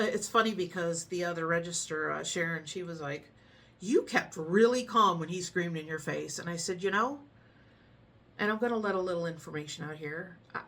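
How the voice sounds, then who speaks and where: A middle-aged woman tells a story in a loose, chatty way, laughing often and keeping a calm, frank tone. Her voice is bright and a little on the low side. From United States. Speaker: vlogger. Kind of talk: casual storytelling chat.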